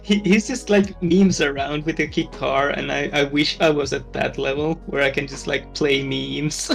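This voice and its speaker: A woman's voice: low voice, fairly even intonation, normal speed, creaky, faint music behind. A woman from the southern United States, chatting casually with friends, laughing and swearing. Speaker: guest. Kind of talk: casual chat.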